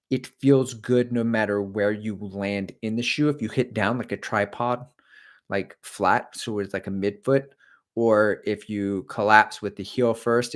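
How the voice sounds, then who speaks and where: A middle-aged man hosting a casual livestream, chatting and rambling as he answers viewer comments about running. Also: lowish voice. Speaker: livestream host and running coach. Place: home.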